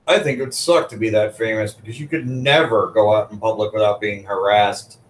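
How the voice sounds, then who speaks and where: A man's voice: on the low side, fairly even intonation, fairly quick, slight background noise. A man in a casual podcast chat, making dry, laid-back jokes.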